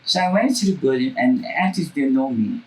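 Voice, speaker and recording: A woman's voice: very deep voice, expressive, fast talker, a little mellow, a little hiss or hum, poor audio. A woman telling stories bluntly in an interview, swearing freely and acting out the voices of the people in them. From Hawaii. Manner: acts out voices in her stories. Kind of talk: casual storytelling.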